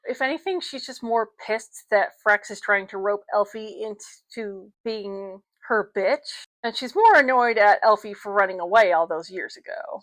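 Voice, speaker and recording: A woman's voice: mid-range voice, moderate pace, few pauses, fairly bright tone, dry recording, poor audio. A woman giving casual, blunt, profane commentary on a novel and reading passages aloud. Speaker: book commentator.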